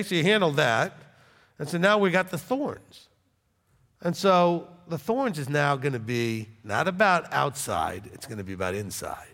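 Pastor, conversational animated sermon, lively gravelly delivery, reverberant church hall. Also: male voice, a little high. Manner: conversational, animated teaching with frequent "okay?" check-ins.

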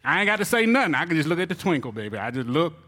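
Man, church elder, humorous sermon, high pitch, reverberant hall. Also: rapid-fire. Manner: animated, joking and teasing the congregation.

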